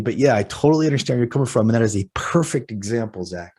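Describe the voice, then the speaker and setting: A man's voice: mid-range voice, animated, quick pace, a little mellow, husky. A man in his forties, co-hosting a casual podcast. He tells stories with energy and acts out his own panicked lines. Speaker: podcast co-host.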